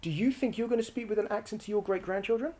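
A woman's voice: mid-range voice, quick pace, warm tone. A woman giving a live religious class, explaining with a diagram, asking the audience questions and repeating lines for emphasis. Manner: explains using a picture or diagram. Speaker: religious teacher.

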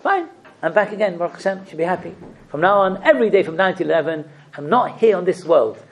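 A man's voice: high-pitched, expressive, fast, a little hiss or hum, voice pushed up. A man voicing a busy shopkeeper who talks earnestly about his priorities, inside a sermon story. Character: busy middle-aged shopkeeper, earnest and timid.

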